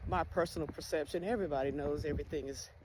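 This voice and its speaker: A woman's voice: low-pitched, fast talker. A woman giving a candid personal monologue, blunt and full of cursing as she talks about faith. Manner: blunt, heavy cursing, spiritual talk. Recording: noisy background hiss.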